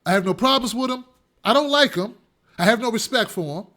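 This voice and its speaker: On his own commentary show, a man with a notably high voice delivers a ranting monologue, emphatic and repetitive to drive his points home. He sounds animated, bright, and forceful, speaking fairly quickly.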